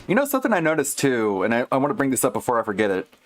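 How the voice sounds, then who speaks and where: A man's voice: medium pitch, huge pitch swings, racing, soft background music. A man streaming live, reacting to clips with casual, incredulous and mocking commentary.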